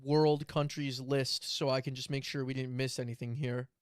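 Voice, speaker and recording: A man's voice: mid-range voice, little pitch movement, moderate pace, clean tone, no room sound, studio quality. A man co-hosting a casual stream, chatty and rambling, laughing often between remarks. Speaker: stream co-host.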